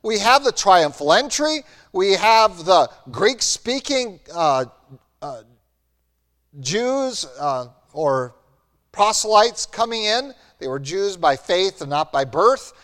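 High-voiced pastor preaching in a reverberant hall. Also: male voice, slow. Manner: earnest, rising to animated emphasis. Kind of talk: sermon.

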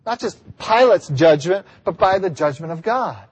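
A male pastor preaching a sermon, emphatic and building to near-shouts on key points. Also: high-pitched, animated, normal speed, slightly rough. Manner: emphatic, rising to near-yells on key lines. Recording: long hall reverb.

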